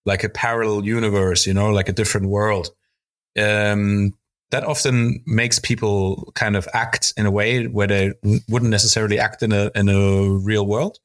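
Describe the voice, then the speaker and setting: A man's voice: lowish voice, level tone, normal speed. A man co-hosting a podcast in casual chat, telling stories loosely with lots of "like" fillers and swearing. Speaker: podcast co-host.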